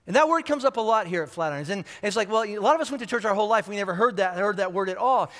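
A man preaching a sermon as pastor, talking in an animated, conversational way with many restarts and asides. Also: sits high. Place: large church auditorium. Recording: long hall reverb.

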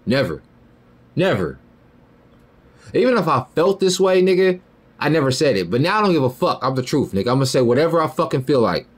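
A man in the middle of a ranting podcast monologue, his pitch leaping around in lively swings. He talks heated and profane, jumping up into loud high outbursts and then dropping low and muttering. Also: fairly quick, long pauses. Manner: heated, profane, repeats "you feel me" and "bro". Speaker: podcast host.

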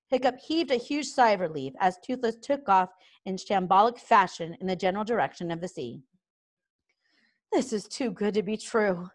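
A woman reading a children's book aloud with expressive narration. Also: mid-range voice. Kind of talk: storybook read-aloud.

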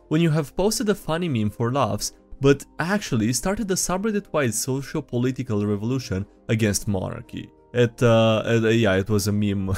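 A man's voice: fairly low pitch, vocal fry, darkish tone. A man hosting a video, reading and reacting to tabletop game memes in playful, casual commentary and laughing often.

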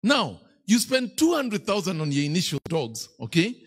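A man's voice: high-pitched, huge pitch swings, moderate pace, a bit bright, slightly rough. A man with a Kenyan accent preaching a sermon as a bishop, telling playful stories and teasing the congregation. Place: church.

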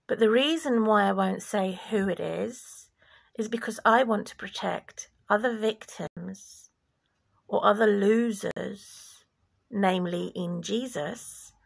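A woman from former Yugoslavia giving an impassioned religious monologue, deliberate and preachy, sometimes dropping to a whisper. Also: medium pitch, vocal fry, breathy edge. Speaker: vlogger.

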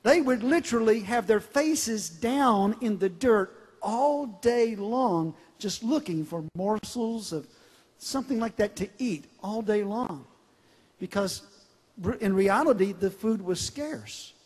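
High-voiced preacher in a reverberant hall. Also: male voice, lively intonation, takes it slowly, slightly rough. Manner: emphatic, swings from loud declarations to quiet storytelling. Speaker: pastor. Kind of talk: sermon. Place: large church sanctuary.

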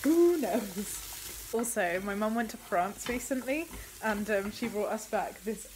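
A woman's voice: medium pitch, a little slow, slight background noise. Chatty young woman vlogging. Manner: chatty, candid, animated. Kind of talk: casual chat. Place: home, office and kitchen indoors.

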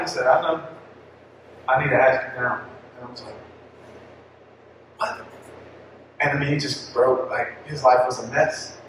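A man's voice: mid-range voice, flat delivery, moderate pace, pauses often, a little hiss or hum. A young-adult man tells a heartfelt personal story to a parish audience, talking casually with many likes and restarts. His voice rings through a very echoey hall, picked up from a distance. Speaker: parish speaker at a family catechesis talk. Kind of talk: personal testimony talk. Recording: echoey hall, mic far off.

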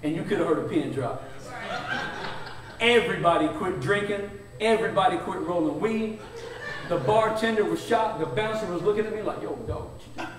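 A man, a guest speaker telling a comic story in a church sermon and acting out the dialogue with animation. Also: high voice. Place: church sanctuary. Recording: echoey church hall, distant, noisy.

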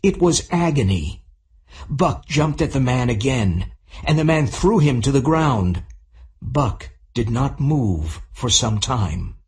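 A man narrating a simple audiobook for English learners, reading clearly and deliberately. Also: mid-range voice, lively intonation, a little mellow.

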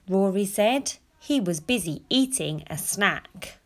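A woman reading a children's picture book aloud, gently and expressively. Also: mid-range voice, animated, slow, few pauses. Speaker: storyteller.

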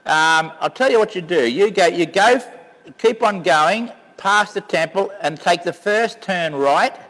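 A man's voice: a little high, a bit bright, long reverb tail, poor audio. An older man, host of a painting live stream, chatting casually and telling a rambling anecdote with many restarts.

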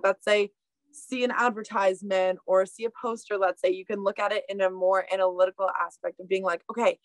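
A woman's voice: mid-range voice, no echo, poor audio. A chatty young woman gives a casual welcome talk over a video call, her speech peppered with "like" and "let's say". The sound is dry and close, with no room around her. She is calling in from a boat. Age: young adult. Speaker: student ambassador.

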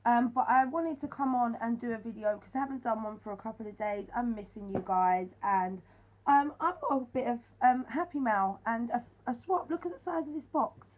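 A woman, ill and a little hoarse, excitedly unboxing craft mail in a casual vlog and gushing with thanks. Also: on the high side, brisk, few pauses, narrow, tinny audio. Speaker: craft YouTuber.

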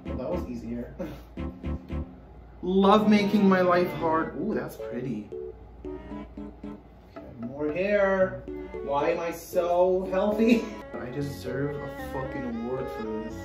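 A young man vlogging at an unhurried pace, his voice leaping wildly between low mutters and high shrieks. He swears freely and reacts with loud dramatic yelps. The sound is echoey, with music playing behind him. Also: animated, recorded from a distance. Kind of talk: casual self-filmed vlog.

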